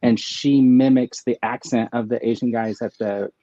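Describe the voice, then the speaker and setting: A man's voice: medium pitch, steady tone, moderate pace, warm tone, no echo, lo-fi sound. A man speaking as a guest in a casual livestream chat, rambling with many fillers.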